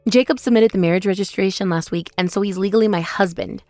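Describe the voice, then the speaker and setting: A woman voicing a wronged older sister who answers in a measured, pointed way in a text-message story drama. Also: medium pitch, no room sound, soft background music, natural voice. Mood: firm. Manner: measured, pointed, quietly sarcastic.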